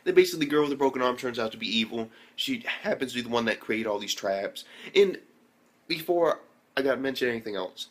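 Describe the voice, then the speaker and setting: Excitable young man swearing through a recap. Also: mid-range voice, quick pace. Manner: excitable, heavy slang and swearing, frequent filler "like". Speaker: anime reviewer. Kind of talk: casual episode recap.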